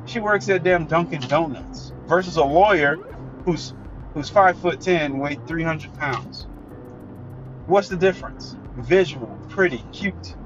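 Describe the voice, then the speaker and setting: A man's voice: a little high, measured pace. A man giving a blunt, emphatic, opinionated solo monologue as a commentator. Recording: dull lo-fi recording with faint music.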